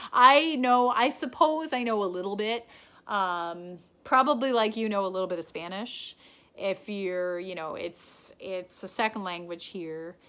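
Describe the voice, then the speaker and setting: A woman's voice: medium pitch, measured pace, sharp tone. Chatty rambling Canadian woman. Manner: rambling, chatty, many fillers and restarts. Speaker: pen pal video maker. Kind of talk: casual chat to a pen pal.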